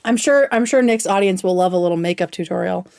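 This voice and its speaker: A young woman hosting a livestream, chatting casually and excitedly while reviewing makeup, swearing now and then. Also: on the low side, fast talker, vocal fry, clear, resonant tone, no room sound, studio quality. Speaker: livestream host.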